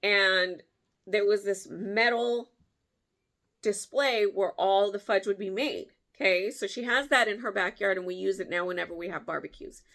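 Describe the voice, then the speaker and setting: A woman vlogger telling a story in a casual way, animated, laughing often and jumping her voice up to act out what people said. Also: normal speed. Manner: animated, acts out quotes with big pitch jumps.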